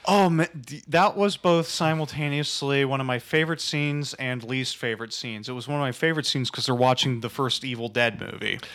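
A man's voice: mid-range voice, fairly quick, few pauses, a bit bright. A man in casual podcast chat, giving wry, critical remarks about a film. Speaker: podcast co-host.

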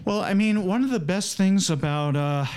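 A man co-hosting a podcast, talking about films in a relaxed, chatty, wry way. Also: high-pitched, moderate pace, clear, resonant tone. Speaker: podcast co-host. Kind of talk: casual movie discussion.

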